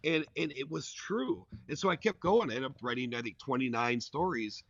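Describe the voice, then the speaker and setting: A man's voice: medium pitch, moderate pace. A man, a podcast guest, telling a story in a casual, rambling way with lots of "like" fillers. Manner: rambling and animated, full of "like" fillers. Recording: dull, dry lo-fi recording.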